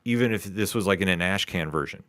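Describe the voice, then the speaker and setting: Man, deep smooth voice, podcast co-host, steady recap. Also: fast talker, no room sound. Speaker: comic book podcast co-host. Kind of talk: casual review chat.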